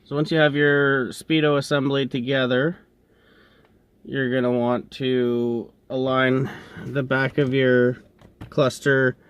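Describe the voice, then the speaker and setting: A man's voice: medium pitch, flat delivery, slow pace, clear, resonant tone, dull audio. Guy talking through a car job in his workshop, kinda rambly, mutters to himself, breathing hard, camera just sitting there. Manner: rambling, self-correcting, muttering asides while working. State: breathing heavily from physical work. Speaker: home mechanic demonstrating a repair. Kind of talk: casual how-to talk while working. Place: car workshop, working in and under a car. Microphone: camera set up alone with no operator.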